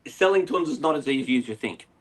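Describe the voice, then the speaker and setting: A man's voice: mid-range voice, fast talker. A middle-aged Australian man, an aquarium retailer, chatting casually as a guest and rambling through stories. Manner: rambling, animated storyteller. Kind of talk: casual interview chat.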